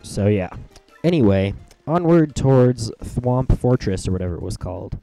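Rambling young man with a mellow voice. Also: medium pitch, expressive, normal speed, creaky, dry recording. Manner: rambling, reads game text aloud, frequent fillers. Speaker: let's play host. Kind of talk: casual gameplay commentary. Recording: faint game music behind.

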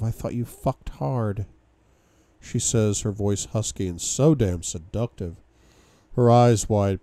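A man's voice: on the low side, warm tone. A man reading a novel aloud for a book club, giving a dramatic first-person reading with sudden outbursts.

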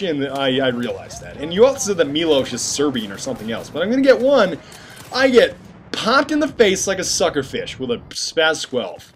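A man giving casual gameplay commentary, joking and rambling with animated asides to his viewers. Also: fairly high pitch, fairly quick.

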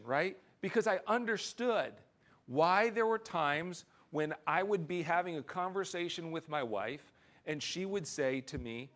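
A middle-aged man preaching a sermon as pastor, earnest and emphatic, dropping into quiet confessional stretches. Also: a little high.

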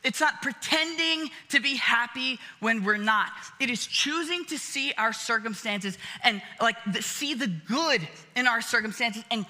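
A man's voice: very high-pitched, measured pace, hardly any pauses, bright, forceful tone. A man preaching a casual sermon as a pastor, talking conversationally with lots of fillers and acting out little scenes. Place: church auditorium. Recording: long hall reverb.

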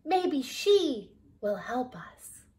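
A woman's voice: high-pitched, very slow, exaggerated voice. A woman voicing an eager little toy clown. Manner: excited and pleading.

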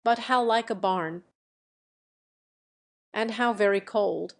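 A woman reading the part of a polite, reserved young woman in a slow storybook reading. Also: medium pitch.

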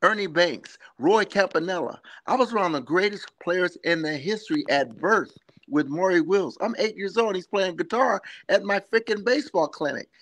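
A man's voice: sits high, lively intonation, moderate pace, hardly any pauses, a bit bright. An older man, a former ballplayer, telling rambling anecdotes in a live video interview, acting out the voices of people in his stories and laughing often. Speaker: former baseball player, guest. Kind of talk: animated storytelling in a live interview.

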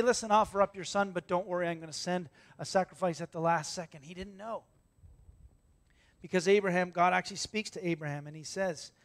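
A man with a fairly high voice preaches from a church pulpit. He tells stories with energy, acting out the characters' lines. He drops to near whispers for tender moments and rises for big ones. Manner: animated storytelling, acting out voices, swinging from loud to hushed. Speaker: pastor. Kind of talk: sermon.

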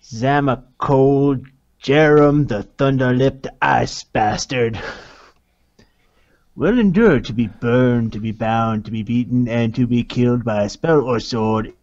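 A man's voice: mid-range voice, slow, a little mellow, dull audio. A man playing a defiant male dwarf gladiator who swears a solemn, grandiose oath.

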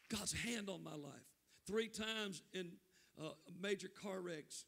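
A man preaching a Pentecostal sermon in church, impassioned and shouting. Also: high voice, slow pace, creaky. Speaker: pastor.

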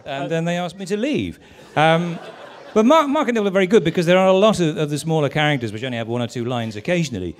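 A man answering interview questions with jokes and playful asides. His fairly high voice leaps about animatedly. He speaks with a light, humorous manner. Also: fast, few pauses. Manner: jokey, animated. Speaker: voice actor. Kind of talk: interview anecdote.

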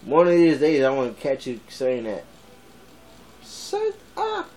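A man's voice: medium pitch, fairly quick, dark tone, rough recording. A man in his twenties, rambling casually in a vlog and laughing often. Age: 20s. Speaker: vlogger.

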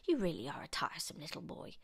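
A woman voicing a bossy, cranky old grandmother who snaps and shouts in a storybook reading. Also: sits low, huge pitch swings, quick pace, vocal fry, breathy edge, exaggerated voice. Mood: snapping.

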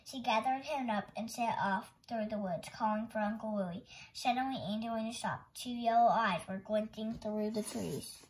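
Gentle woman reading a children's story. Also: a little high, normal speed, few pauses, poor audio. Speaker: storytime host reading a picture book. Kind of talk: children's read-aloud narration.

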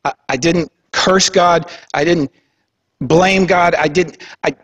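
A man's voice: on the high side, takes it slowly, fairly bright tone, husky, pitched above the performer's own voice, heavily acted. A lecturer acting out an anguished, innocent man who insists, pleading, that he did nothing wrong.

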